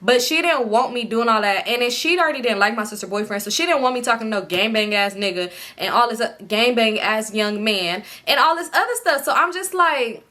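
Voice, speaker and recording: A young woman telling a casual storytime to her viewers, animated and profane, acting out every bit of dialogue. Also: fairly high pitch, a little fast, hardly any pauses. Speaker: storytime YouTuber.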